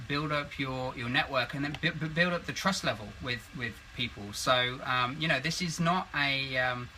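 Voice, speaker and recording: A man's voice: medium pitch, bright, forceful tone, slight background noise, low-quality recording. A British man giving casual business advice, rambling and losing his thread as he talks. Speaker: co-host.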